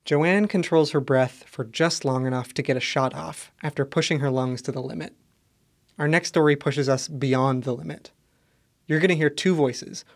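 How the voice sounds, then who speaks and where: A man with a slightly high voice delivers scripted links as a radio host. His narration is smooth and conversational.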